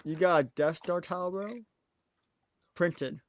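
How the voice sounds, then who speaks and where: Stammering excitable man, dull audio. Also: high-pitched, measured pace. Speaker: podcast host. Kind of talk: casual chat.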